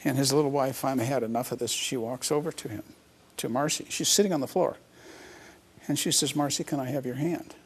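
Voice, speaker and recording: A man's voice: mid-range voice, brisk, breathy edge. A middle-aged man, an interview guest, telling a personal story in an earnest, reflective way.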